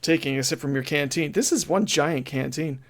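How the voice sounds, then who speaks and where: Man, gravelly, slightly high voice, casual playful stream chat. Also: moderate pace. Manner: chatty and playful, reads game text with mock drama. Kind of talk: casual game stream chat, reading game text aloud.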